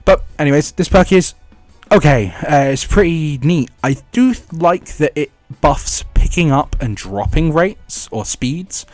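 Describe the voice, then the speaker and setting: A man's voice: on the high side, expressive, a little slow, dry recording, soft background music. A man giving blunt, rambling game commentary with wry asides. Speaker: gaming YouTuber.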